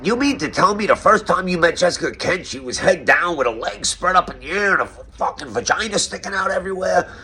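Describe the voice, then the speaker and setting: A man's voice: high-pitched, lively intonation, fast, few pauses, crowd noise. A man with a New York accent hosting a mock interview roast, asking questions in a sarcastic, mock-serious way. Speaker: roast host.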